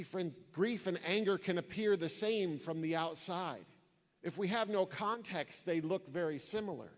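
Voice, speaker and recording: A man with a fairly high voice preaches earnestly to a church gathering, building his points through stories and emphatic repetition. His words ring out with the long reverb of a large hall. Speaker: speaker at a church talk. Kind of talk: sermon-style talk with audience questions. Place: church hall before an audience.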